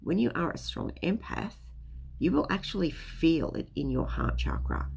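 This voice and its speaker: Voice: mid-range voice, wildly swooping pitch, moderate pace, gravelly, a little mellow, slight background noise. A speaker giving a casual, rambling talk on spiritual topics, full of fillers and loose swearing. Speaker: spiritual teacher.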